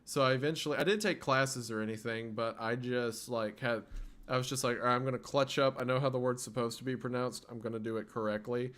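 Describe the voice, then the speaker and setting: A man's voice: medium pitch, fairly even intonation, quick pace, a bit bright. A man with a faint Southern US accent chatting casually on a livestream, rambling with small restarts. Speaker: streamer.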